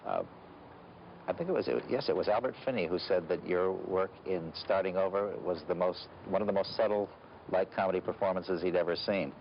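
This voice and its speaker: Deep, gravelly male interview host. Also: fairly quick. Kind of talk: measured interview questions. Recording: dull lo-fi recording, faint noise.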